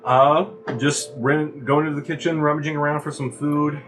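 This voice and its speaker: A man's voice: a little high, little pitch movement, moderate pace, a bit bright, faint music behind. A man playing a tabletop game, describing his character's actions hesitantly with many fillers. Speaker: player. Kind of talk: casual tabletop play.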